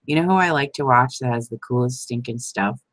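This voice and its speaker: Speaking briskly in a rumbling low voice, a woman makes envelopes and chats casually with her viewers, laughing often and greeting them by name. The crafting vlog is rough-sounding, with no echo.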